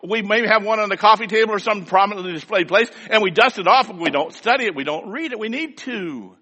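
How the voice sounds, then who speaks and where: A man's voice: high-pitched, fast, pushed and bright, in a large hall, muffled recording. An older man preaching a sermon in a folksy, rhythmic way, with lots of repetition. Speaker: pastor.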